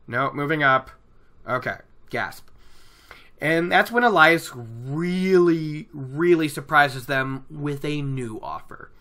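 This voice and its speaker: Chatty book recap host, bright voice. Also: mid-range voice, lively intonation, slow. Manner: chatty, rambling, lots of fillers.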